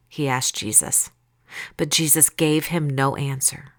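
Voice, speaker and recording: A woman reading scripture aloud in a calm, deliberate, expressive way. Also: sits low, no room sound, clean studio sound. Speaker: Bible reader.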